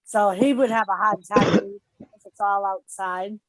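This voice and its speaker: A woman's voice: medium pitch, steady tone, a little slow, dry recording. A woman chatting plainly about her weekend plans on a group live stream. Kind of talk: casual group chat.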